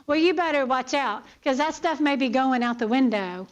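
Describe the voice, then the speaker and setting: A woman's voice: high voice, moderate pace, highs cut off. A woman teaching a Bible lesson in church, earnest, asking her listeners pointed questions and often checking in with "okay?".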